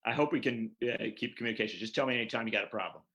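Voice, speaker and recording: A man's voice: medium pitch, very fast, sharp tone, low-quality recording. Earnest man explaining politics on a call. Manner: earnest, explanatory, speaks at length. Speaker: political journalist guest. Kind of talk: remote interview explanation.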